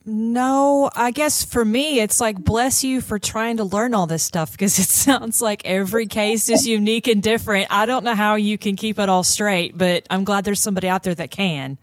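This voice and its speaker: A woman's voice: mid-range voice, moderate pace, hardly any pauses, no echo. A woman co-hosting a podcast, talking in a chatty, earnest way. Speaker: podcast co-host. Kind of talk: casual chat.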